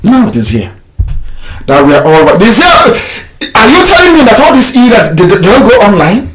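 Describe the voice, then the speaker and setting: A Nigerian man giving a fiery, mocking solo broadcast, laughing often and shouting insults. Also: sits high, huge pitch swings, normal speed. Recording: echoey room with faint noise.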